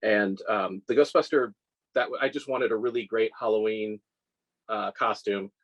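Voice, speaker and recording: A man in his forties talks in a loose, rambling way, circling back and restarting as he tells stories. His voice sits a little low, and he often makes fun of himself. It is a casual, conversational interview. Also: steady tone, normal speed, a bit bright, highs cut off. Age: 40s. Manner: rambling, self-deprecating storyteller with many restarts and laughs. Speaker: scale model maker, guest.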